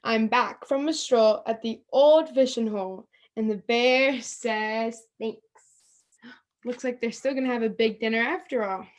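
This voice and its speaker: Woman, storytime reader on a video call. Slow, higher-pitched and expressive, with chatty asides to the kids. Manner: slow, expressive read-aloud with pointing asides. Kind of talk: reading a picture book aloud to children.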